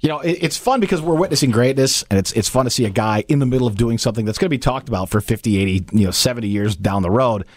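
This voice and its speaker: Male podcast host, rambling and animated, rapid delivery, dry and close. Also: medium pitch, no room sound. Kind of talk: casual chat.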